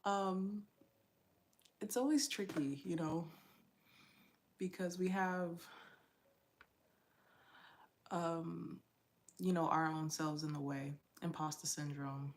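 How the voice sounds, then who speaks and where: A young woman with a low voice talks through her week in a casual late-night chat. She is encouraging and chatty, laughs a lot, and often trails off mid-sentence. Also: steady tone, takes it slowly, pauses often. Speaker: content creator.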